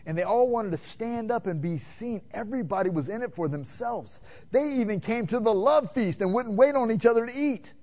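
A man preaching a sermon, asking the congregation questions and swinging between loud emphatic calls and hushed, quiet passages. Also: sits high, expressive, moderate pace. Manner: direct, addresses listeners with "man" and rhetorical questions. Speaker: pastor. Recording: dull lo-fi sermon recording.

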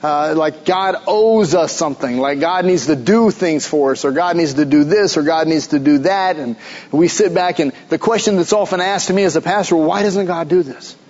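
A man's voice: on the high side, normal speed, darkish tone, lo-fi sound. A man preaching a sermon as pastor, pressing his listeners with rhetorical questions and emphatic repeats.

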